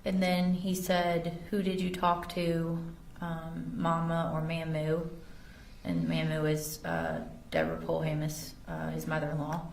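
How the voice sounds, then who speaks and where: A woman's voice: sits low, completely flat delivery, unhurried, gravelly, darkish tone, a little hiss or hum. A woman testifying as an investigator in a courtroom, carefully reading text messages aloud. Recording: echoey courtroom audio from far off.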